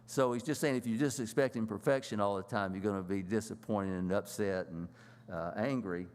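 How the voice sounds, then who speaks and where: A man teaching a church lesson in a plain, halting way, with many fillers and restarts. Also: fairly low pitch, a little mellow, in a large hall.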